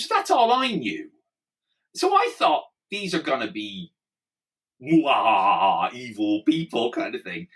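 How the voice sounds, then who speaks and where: A man with an Irish accent, a guest telling anecdotes in an animated, laughing way. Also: sits high, far from the mic, low-quality recording. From Ireland. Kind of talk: storytelling in conversation.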